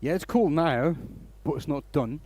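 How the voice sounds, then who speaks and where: A man's voice: fairly high pitch, moderate pace, a little mellow. A man hosting a woodturning live stream in a workshop, chatting casually and rambling through stories.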